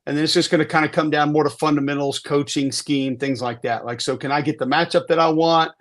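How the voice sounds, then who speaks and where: A man with a fairly high voice talks football in a loose podcast chat. He is emphatic and keeps circling back, repeating words and restarting sentences as he makes his case. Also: fairly even intonation, fast talker. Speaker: football analyst guest. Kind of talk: casual sports podcast talk.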